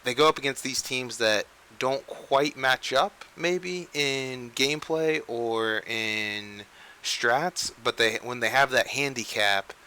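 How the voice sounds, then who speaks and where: A man's voice: mid-range voice, slow pace, pushed and bright, clear, resonant tone, rough recording. A young man hosting a casual game news show, rambling and often restarting his sentences. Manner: rambling, frequent restarts and self-corrections. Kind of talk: casual unscripted news chat.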